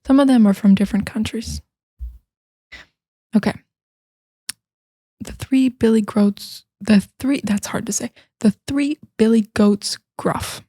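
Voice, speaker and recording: A woman's voice: fairly high pitch, measured pace, pauses often, warm tone, husky, no echo, clean studio sound. An American woman, a native English speaker, telling fairy tales to learners in a chatty way with many fillers, sometimes dropping to a whisper. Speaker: English teacher. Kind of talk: casual storytelling for learners.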